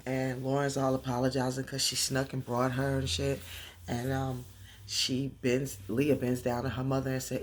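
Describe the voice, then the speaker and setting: A woman in a casual recap vlog, losing her voice, telling the story in an animated way and acting out the characters' lines. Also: very deep voice, normal speed. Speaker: TV recap vlogger.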